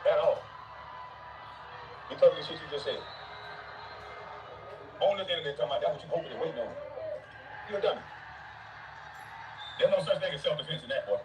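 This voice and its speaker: A man rattles off a quick, heated rant, his voice pitched a bit high and mocking. He sounds set back from the mic in an echoey space, with clear ambient noise all around. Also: recorded from a distance. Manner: heated, mocking trash talk with laughs. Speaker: vlogger. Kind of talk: casual rant to camera.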